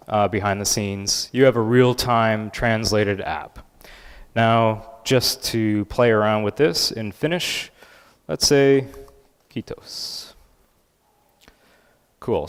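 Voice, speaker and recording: A man giving a live conference talk and software demo, casual and upbeat with many filler words. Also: lowish voice, clean tone. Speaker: conference speaker. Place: large conference hall. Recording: reverberant conference hall.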